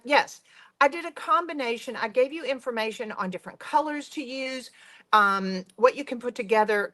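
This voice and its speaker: A woman's voice: fairly high pitch, fairly bright tone. Woman hosting a live soap-making demo, bubbly and talkative. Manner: chatty, enthusiastic, gushing. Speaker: workshop host. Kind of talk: live product demonstration.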